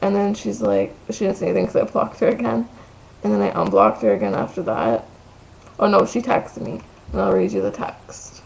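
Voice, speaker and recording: A woman with a heavily gravelly, fry-laden voice rants to her camera from her bedroom at home. Her story is gossipy and profane, and it is packed with "like" as she talks casually. Her pitch sits right in the middle for a woman. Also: sing-song, moderate pace, a little mellow, a little hiss or hum, rough recording. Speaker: vlogger.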